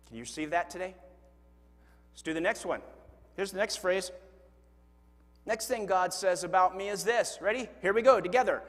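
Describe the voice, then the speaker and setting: A man preaching a sermon as pastor, telling funny stories with acted-out quotes and poking fun at himself. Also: high voice. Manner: animated storytelling with acted-out quotes; self-deprecating humor. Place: church sanctuary. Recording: long hall reverb. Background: congregation laughing.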